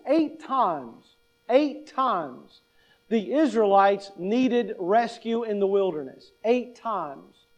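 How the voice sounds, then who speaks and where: A man's voice: extremely high pitch, rough recording. A male pastor preaching conversationally, posing questions to the congregation and telling humorous everyday stories. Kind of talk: sermon.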